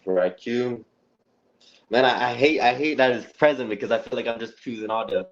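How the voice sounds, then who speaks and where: A young man, a boxing prospect, calling in to a live show, talking in a relaxed way and often repeating words while he thinks. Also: mid-range voice, a little fast. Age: young adult. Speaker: boxer, interview guest. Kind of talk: casual call-in interview. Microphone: phone on a call. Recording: dull phone-call audio.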